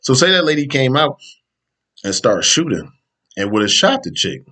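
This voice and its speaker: A man's voice: medium pitch, very animated, normal speed, sharp tone. A man hosting a podcast, talking in a loose, rambling, slangy way and laughing often. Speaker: podcast host. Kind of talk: casual opinion talk.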